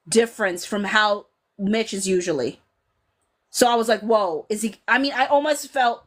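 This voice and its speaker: This podcast host, a woman in her thirties with a medium pitch, reads her live chat and replies during a casual stream. She talks animatedly, with lots of "like" and "you know," and breaks into dramatic quotes from the scenes she's describing.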